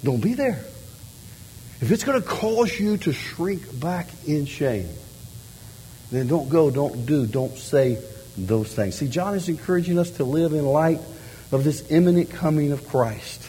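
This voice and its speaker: A middle-aged man, a pastor preaching a sermon in a church, talking with an animated delivery that swings from quiet to loud, emphatic lines. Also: fairly high pitch, measured pace, a little hiss or hum. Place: church sanctuary. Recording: long hall reverb.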